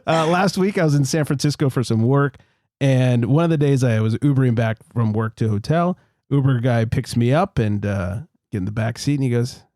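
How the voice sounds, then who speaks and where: A man hosting a casual beer podcast, telling a story in an animated, profane way with frequent laughter. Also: medium pitch, moderate pace, no room sound, studio quality. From Los Angeles. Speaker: podcast host.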